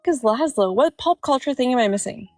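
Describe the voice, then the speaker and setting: Woman, creaky voice, teasing and bemused, live stream chat, faint music behind. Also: a little high, animated, brisk, a little mellow.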